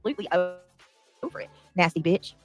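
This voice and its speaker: A woman's voice: lowish voice, animated, fast, breathy edge, soft background music. A woman on a livestream, ranting angrily and profanely at her critics. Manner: profane, heated, rambling. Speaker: livestreamer in a played clip. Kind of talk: angry livestream rant.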